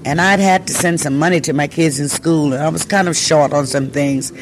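An older woman, a singer, recounts her past in a relaxed interview. She tells it as an animated story and acts out the voices of the people she quotes. Faint music plays in the background. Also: sits low, a little fast. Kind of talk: casual storytelling.

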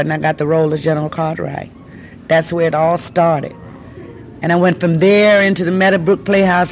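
An older woman, a singer, telling her story in a casual interview and acting out the voices of the people she quotes. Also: low voice. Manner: animated storyteller who acts out quoted voices.

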